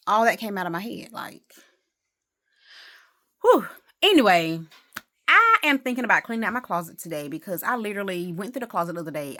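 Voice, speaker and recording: A woman with a somewhat low voice talks loosely into her phone at home, drifting from one thought to the next. She is casual and rambling, with exasperated asides now and then. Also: a bit bright. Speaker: vlogger. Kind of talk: casual day-in-the-life vlog.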